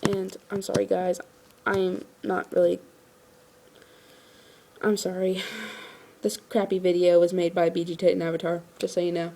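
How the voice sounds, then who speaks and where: A woman's voice: fairly low pitch, completely flat delivery, moderate pace, creaky, long pauses, warm tone, slight background noise. Tired, rambling woman reviewer. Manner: rambling, full of "like" and "you know". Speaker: episode reviewer. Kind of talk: casual spoken review.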